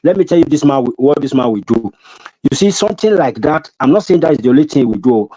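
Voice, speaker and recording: A man's voice: mid-range voice, animated, quick pace, warm tone, no echo, muffled recording. A Nigerian man making emphatic points in an online political discussion, cutting in to hold the floor. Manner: emphatic, interrupts. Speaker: panelist. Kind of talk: heated political debate.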